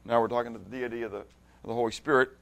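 Racing along in a creaky, medium-pitched voice with fairly even intonation, this man teaches an interactive Bible class. He stresses words as he reads scripture aloud, often repeats or restarts himself, and stops conversationally to check that everyone understands.

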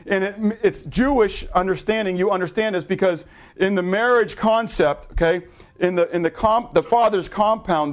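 Middle-aged guy preaching, kinda high voice, animated, talks with the crowd and corrects himself a lot. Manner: animated preaching with audience call-and-response; conversational, self-correcting asides. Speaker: pastor. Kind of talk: sermon.

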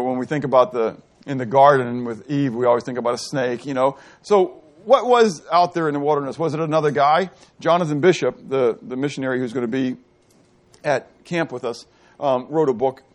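Middle-aged guy preaching, asks the crowd stuff then answers it, gets loud then soft, voice a bit high. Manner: asks the crowd questions and answers them himself; lively, shifting between loud and quiet delivery. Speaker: pastor. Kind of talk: sermon teaching.

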